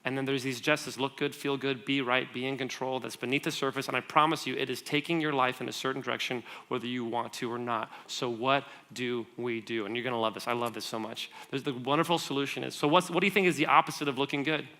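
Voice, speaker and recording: A man giving a guest sermon, conversational and animated, asking the audience questions and telling stories with quick asides. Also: medium pitch. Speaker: guest speaker.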